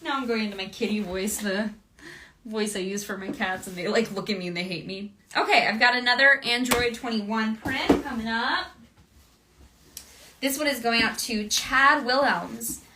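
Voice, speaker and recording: A woman's voice: on the high side, moderate pace, background noise. A woman voice actress chatting casually with fans during a livestream autograph session, bubbly and gushing, and laughing often.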